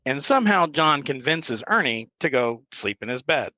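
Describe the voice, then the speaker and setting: A man with a mid-range voice, at normal speed, guests on a podcast and tells stories in casual chat, animatedly acting out the lines of the people in them. The recording is rough but has no echo.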